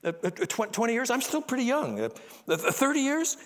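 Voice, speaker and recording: A nervous young prophet, stammering and unsure of himself, his voice climbing high and wobbling all over as he pleads, as a preacher acts him out. The hesitant fillers and broken starts make him sound small and overwhelmed. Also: sing-song, a little fast, long reverb tail. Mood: pleading. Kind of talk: sermon with acted-out scripture.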